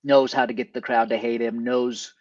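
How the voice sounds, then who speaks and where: Animated man telling stories, slightly muffled. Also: medium pitch, normal speed, no echo. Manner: animated storyteller, jumps into quoted voices. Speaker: event photographer and stand-up comic. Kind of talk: casual chat.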